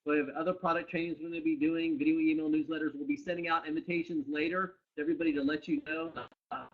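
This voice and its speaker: A man's voice: on the high side, level tone, fast talker. A man co-hosting a live company webcast, upbeat, greeting viewers by name and location. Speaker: company co-founder hosting a live product training. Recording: dull lo-fi webcast audio.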